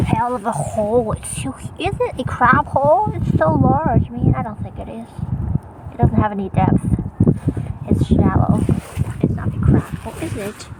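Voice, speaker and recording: A woman vlogging casually outdoors on a cold beach, gushing with excited exclamations as she explores. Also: fairly high pitch. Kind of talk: casual vlog commentary. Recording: loud wind noise outdoors.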